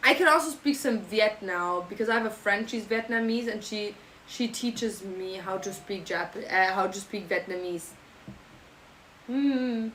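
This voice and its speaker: A woman's voice: fairly high pitch, unhurried, a bit bright, a little hiss or hum, rough recording. A young woman streamer with a German accent, chatting playfully and reading out her live chat. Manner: playful, jokey, switching into silly mock phrases.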